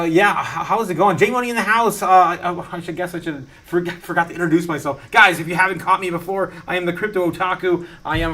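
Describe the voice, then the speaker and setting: Man, live stream host, casual chat, home studio, laughs often, rambling fillers, fairly high voice. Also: pushed and bright.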